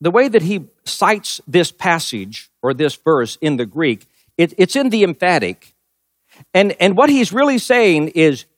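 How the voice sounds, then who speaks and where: Animated preacher man, high lively voice. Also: a little slow, dry recording, studio quality. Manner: storytelling, emphatic repetition. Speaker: pastor. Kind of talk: sermon.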